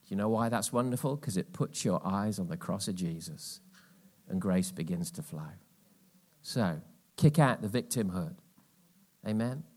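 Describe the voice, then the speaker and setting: A male pastor preaching a live church sermon, swinging between loud, emphatic exhortation and hushed, quiet asides. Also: lowish voice, lively intonation, normal speed, pauses often.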